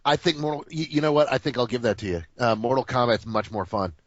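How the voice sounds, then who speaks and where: A man co-hosting a casual podcast, talking about movies in an opinionated way, swearing freely and pausing on "uh" while he hunts for words. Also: medium pitch, dry recording. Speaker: podcast co-host. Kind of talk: casual chat. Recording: dull lo-fi dry podcast audio.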